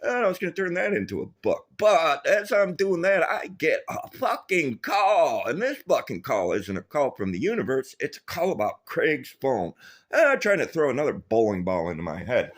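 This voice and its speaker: A man rambles through a tangled story for his viewers, cursing nearly every sentence. His fairly high voice swings up and down a lot, and he slips into mocking voices whenever he quotes someone. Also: moderate pace. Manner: profane, rambling, animated storytelling. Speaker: vlogger. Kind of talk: rambling profane monologue.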